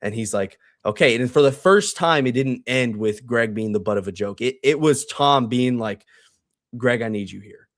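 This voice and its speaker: A man's voice: medium pitch, no room sound. Guy on a podcast gushing about a show, swears a lot, dry close sound. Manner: excited, profane, quotes characters in quick asides. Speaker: podcast co-host. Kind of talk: casual chat recapping a TV show.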